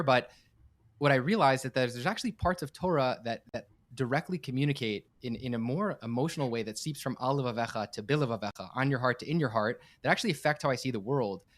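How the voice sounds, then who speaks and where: A man, a rabbi and guest on a podcast, telling a heartfelt story earnestly and emphatically, often repeating and restarting his words. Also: medium pitch. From United States.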